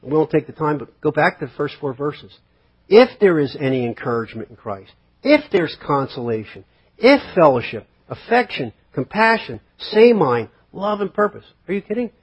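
A man's voice: on the high side, very animated, normal speed, breathy edge. A male pastor preaching a conversational sermon, full of rhetorical questions and acted-out quotes. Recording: dull lo-fi sermon recording.

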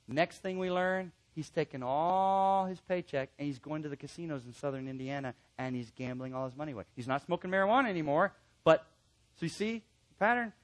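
A man teaching a class of counselors in an animated way, repeating key points for emphasis and acting out quoted remarks. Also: a little high. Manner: emphatic repetition. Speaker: counseling instructor.

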